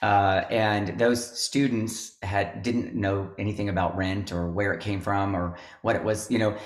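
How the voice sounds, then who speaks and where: Low-voiced man, roomy call audio. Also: fairly even intonation, a little slow. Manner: rambling, many fillers and restarts. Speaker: choral music teacher. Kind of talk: casual video-call conversation. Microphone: video call.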